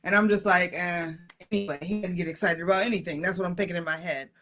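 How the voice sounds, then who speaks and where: A middle-aged woman telling a personal story in casual chat, animated and excitable. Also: lowish voice, very fast.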